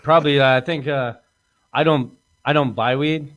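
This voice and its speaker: A man hosting a casual comedy podcast, rambling and crude, acting out quotes in lively voices. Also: medium pitch, moderate pace. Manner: rambling, profane, acts out quotes in animated voices. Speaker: podcast host.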